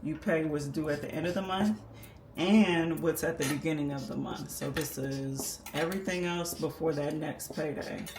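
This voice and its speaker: A woman's voice: deep voice, moderate pace. A woman walking viewers patiently and methodically through a budgeting tutorial, explaining as she works on paper. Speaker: personal finance creator. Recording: echoey room with faint background noise.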